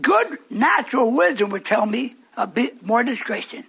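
An older male preacher delivers a fervent, rambling radio sermon to a church congregation. His voice sits very high and sounds husky and breathy. He drifts into stories and asides as he goes. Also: big pitch swings, moderate pace, a bit bright.

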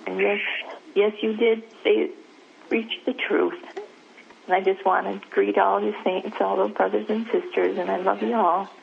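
Gravelly woman caller on a muffled line. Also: mid-range voice, unhurried. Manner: flat, affirming church greeting.

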